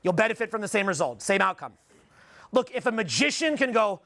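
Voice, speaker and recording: Very high-pitched, gravelly Canadian man. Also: lively intonation, fast talker, bright, forceful tone, no room sound. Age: 40s. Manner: profane, blunt, rhetorical questioning of the audience. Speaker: seminar speaker. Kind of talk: live seminar talk to a room.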